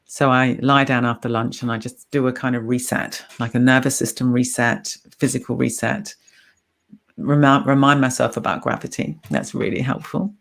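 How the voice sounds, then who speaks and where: A middle-aged woman with an anglicized New Zealand accent, a meditation teacher talking calmly and encouragingly as a guest in a casual interview. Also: extremely low pitch, normal speed, vocal fry.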